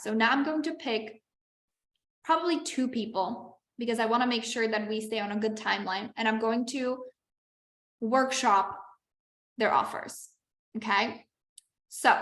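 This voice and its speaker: A woman with a fairly high voice leads a live online masterclass as a business coach. She speaks in a chatty, encouraging way and often checks in with her class. Her video-call audio has a roomy echo. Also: a bit bright. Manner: chatty and encouraging, with frequent "like" and "okay".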